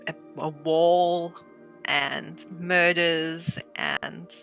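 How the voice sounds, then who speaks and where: A woman playing a tabletop game over voice chat, speaking in a drawn-out, hesitant way. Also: fairly low pitch, little pitch movement, gravelly, fairly bright tone, faint music behind. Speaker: player. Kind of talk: casual play over voice chat.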